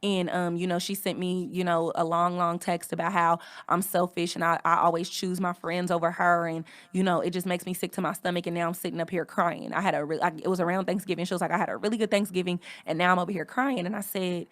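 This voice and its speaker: A woman's voice: fairly low pitch, flat delivery, fairly quick, hardly any pauses, fairly bright tone. A woman hosting a podcast, talking candidly and frankly in casual speech. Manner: frank, conversational, reading from notes. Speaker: podcast host. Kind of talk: candid personal monologue.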